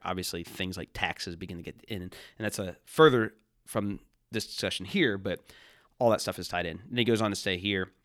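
Man, podcast host, lowish voice, quick talker, reads aloud and comments, conversational asides. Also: vocal fry, a bit bright, no echo, studio quality. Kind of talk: reading aloud and commenting on an article.

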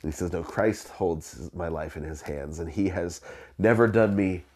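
A man's voice: low-pitched, moderate pace, a little mellow. A man preaching in a conversational storytelling way, often restarting sentences with fillers and laughing as he goes. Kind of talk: sermon storytelling.

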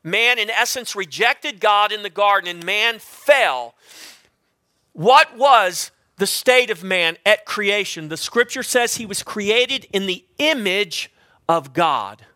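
A man's voice: high-pitched, lively intonation, slow pace, pushed and bright, no room sound, clean studio sound. A man preaching a sermon as pastor, rising and falling for emphasis and calling out to the congregation.

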